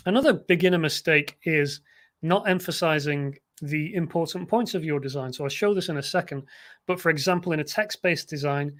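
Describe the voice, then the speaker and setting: Male livestream tutor, slightly raised pitch, conversational critique, chuckles now and then. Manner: conversational, frequent restarts, occasional chuckles. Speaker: design educator hosting a livestream.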